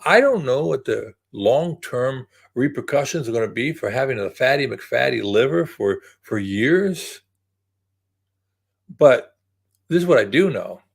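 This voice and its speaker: A man's voice: mid-range voice, lively intonation, unhurried, vocal fry, breathy edge. A man in his early sixties talking to camera in a casual, rambling, reflective way, often repeating words. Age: 60s. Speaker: vlogger.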